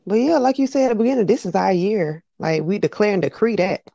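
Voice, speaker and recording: A woman co-hosting a casual podcast, affirming and chatty in quick back-and-forth. Her voice is gravelly and swings widely in pitch. The recording is dry and dull, with a lo-fi sound. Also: animated, warm tone, no room sound. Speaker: podcast co-host. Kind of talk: casual chat.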